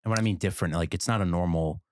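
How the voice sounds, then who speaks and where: Man, host, very low voice, quick casual talk, dry close sound. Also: dry recording. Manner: quick, loose, filler-heavy talk. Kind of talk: casual conversation.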